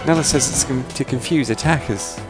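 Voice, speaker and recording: A man's voice: medium pitch, a little fast, music in the background. A man with a Birmingham accent casually commentating on a video game, joking wryly as he plays. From England. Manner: wry and jokey, reading game lines aloud in silly voices. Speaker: let's play commentator.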